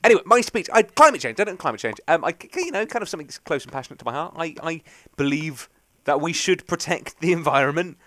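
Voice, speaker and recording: Young guy chatting away over a game, lively up-and-down voice, kinda high, dry close sound. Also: no room sound. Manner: rambling, chatty, self-mocking. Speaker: gaming channel host. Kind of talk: let's play commentary.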